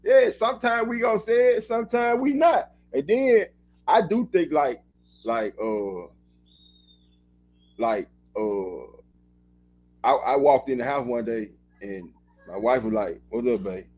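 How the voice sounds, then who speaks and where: A man's voice: mid-range voice, lively intonation, slow, pauses often, a little mellow. A man co-hosting a podcast, talking in loose, emphatic casual chat and swearing now and then. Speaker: podcast co-host.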